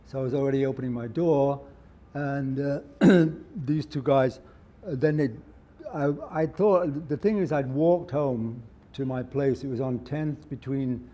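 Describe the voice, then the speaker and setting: An older man with an English accent interviewing onstage, telling animated anecdotes and laughing often. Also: mid-range voice, measured pace. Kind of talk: onstage conversation. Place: live event before an audience.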